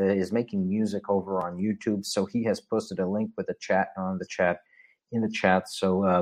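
A man hosting a casual livestream show, talking in a rambling way with many fillers and reading out viewer donations. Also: lowish voice.

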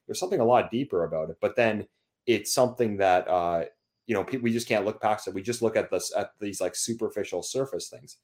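A man's voice: fairly low pitch, a little fast, a little mellow. A young Canadian man in casual chat, rambling with many fillers and restarts, and laughing often.

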